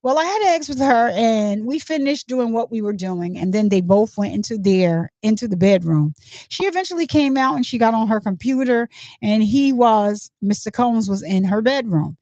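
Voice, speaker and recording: Woman reading as a male court witness: hesitant, plain, slightly high voice, dull dry recording. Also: animated, moderate pace, mellow, no room sound, natural voice.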